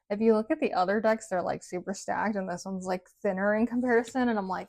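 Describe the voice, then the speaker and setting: A woman's voice: mid-range voice, fairly even intonation, a little fast, vocal fry, few pauses, dry recording. A woman giving a casual tarot card reading, chatty and rambling, with sing-song sentence endings. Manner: chatty, rambling, says "like" often. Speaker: tarot reader.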